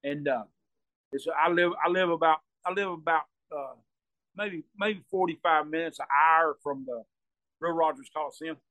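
A storyteller guest with a fairly high voice tells a rambling, casual story at a moderate pace, repeating himself and laughing along the way. He acts out quoted voices loudly, and there's no echo.

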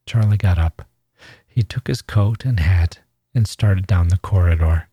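A man, a podcast host, reading a classic short story aloud in a measured, even way. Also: low voice, slightly rough, no echo, studio quality.

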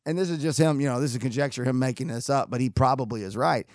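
A man's voice: medium pitch, fast talker, no room sound, clean studio sound. A young adult man casually telling a personal story in a rambling, self-mocking way, full of restarts. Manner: animated, self-mocking, acts out quoted dialogue; rambling with frequent restarts and fillers.

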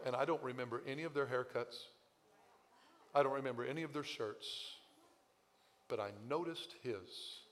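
A man preaching a sermon as pastor, telling a story with animated asides, his voice a little strained after losing it. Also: medium pitch. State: recovering voice, slightly strained. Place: church sanctuary. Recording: long church hall reverb.

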